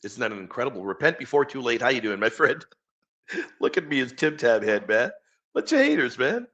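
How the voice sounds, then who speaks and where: A man's voice: medium pitch, a little fast, a bit bright, muffled recording. A man hosting a live stream, chatting casually and enthusiastically with viewers and reading quotes aloud.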